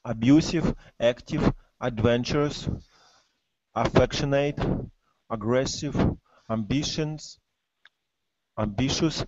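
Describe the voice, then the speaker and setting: A male English student with a non-native accent, reading and speaking slowly and carefully. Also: medium pitch, darkish tone, no echo. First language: not English. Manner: slow, careful, halting reading. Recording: dull lo-fi classroom recording.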